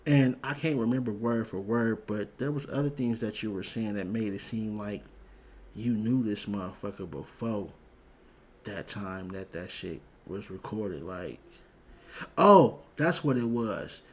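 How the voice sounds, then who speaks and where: A man's voice: lowish voice, a little slow. A man hosting a show, giving a blunt, heated, profane commentary rant full of repeated words. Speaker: show host.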